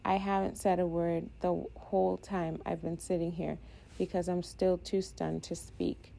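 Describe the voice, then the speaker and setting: A woman reading a first-person audiobook in a steady, introspective way. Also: fairly low pitch, a little slow, creaky. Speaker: audiobook narrator.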